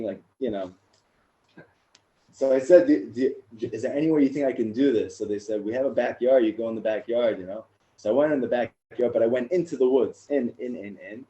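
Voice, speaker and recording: Dark-voiced man telling a lively story. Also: medium pitch, low-quality recording. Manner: animated storyteller, rising and loud in funny moments. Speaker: rabbi and speaker sharing his story. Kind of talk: casual personal talk to a group.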